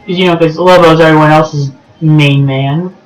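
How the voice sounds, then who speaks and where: A man giving chatty, excitable let's-play commentary over a video game, sometimes pleading and whiny. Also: fairly high pitch, normal speed, far from the mic. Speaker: gaming YouTuber. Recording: echoey room with game music behind. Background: game music.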